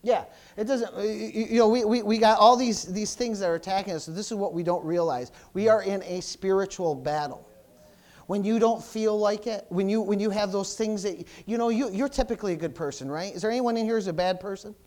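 A man in his forties preaching a sermon to a congregation as pastor, animated and conversational, peppering his talk with praise interjections. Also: sits high, a little fast. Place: church before a congregation.

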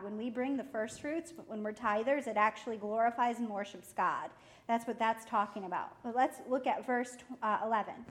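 A middle-aged woman preaching a sermon in a lively way, laughing often and acting out what people say. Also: a little high, moderate pace. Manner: lively, laughs often, acts out quoted speech.

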